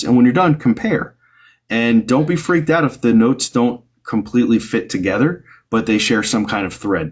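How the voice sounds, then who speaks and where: Upbeat man, lowish voice, psychic host. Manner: rambling, upbeat, with many restarts and fillers. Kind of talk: live-stream advice chat.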